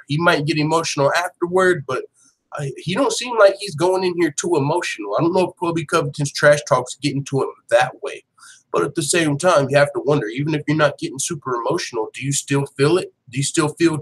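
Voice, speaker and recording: A man hosting a daily MMA show, talking in casual live commentary with slangy, profane, animated banter. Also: a little high, poor audio.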